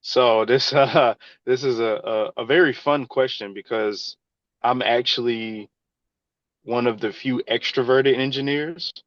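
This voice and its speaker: A man's voice: medium pitch, fairly even intonation, unhurried, fairly bright tone, no echo, muffled recording. A man, an engineer in real estate, answering interview questions in an earnest, conversational way. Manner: earnest, advice-giving, conversational.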